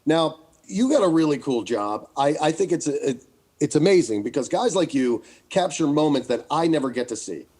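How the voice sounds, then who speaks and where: Joking, rambling American podcast host. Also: male voice, on the high side, animated, moderate pace, darkish tone, slightly rough. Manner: rambling, jokey storytelling. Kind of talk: casual chat.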